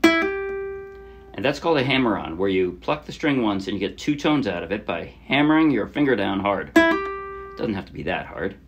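A man's voice: lowish voice, expressive, moderate pace, highs cut off, over loud music. Chatty man teaching ukulele over strumming. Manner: chatty, self-deprecating, trails off softly. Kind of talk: casual tutorial explanation. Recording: loud ukulele playing under the voice.

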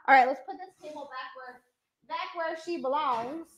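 A young adult woman chatting on a live stream from a room at home, excitable and chatty, thanking viewers by name and bursting into squeals. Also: high voice, normal speed. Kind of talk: casual live-stream chat.

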